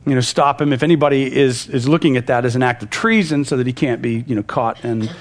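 A male pastor teaching a Bible passage verse by verse, in a conversational manner that retells the scenes in lively paraphrase. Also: medium pitch, fast.

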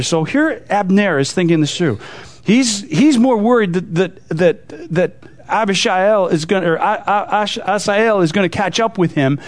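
A man leading a casual Bible teaching, retelling the story in a loose, chatty way. His voice sits high for a man, and he often stops and restarts with fillers as he explains. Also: animated, moderate pace. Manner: conversational, filler-heavy storytelling.

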